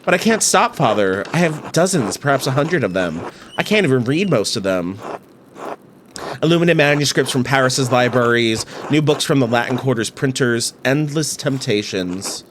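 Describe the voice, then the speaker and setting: A man's voice: medium pitch, animated, normal speed, noisy background, close to an everyday voice. A man reading a weary, lost painter. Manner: weary, confessional. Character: weary, lost middle-aged male painter. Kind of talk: reading game dialogue aloud.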